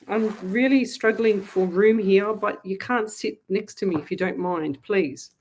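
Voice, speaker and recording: A woman's voice: medium pitch, a little slow, hardly any pauses, darkish tone, slight background noise, rough recording. A woman from Australia hosting a casual livestream from her home office, chatting in a gushing way with many restarts. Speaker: psychic medium, livestream host. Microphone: webcam.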